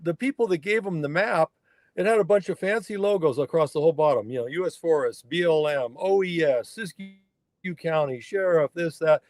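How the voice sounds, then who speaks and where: A man's voice: on the high side, moderate pace, a little mellow, no room sound, clean studio sound. An older man from the Northern California mountains, telling stories in a folksy, emphatic way as an interview guest. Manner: folksy, emphatic, acts out dialogue in anecdotes. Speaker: guest, wild horse fire researcher. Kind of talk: conversational storytelling interview.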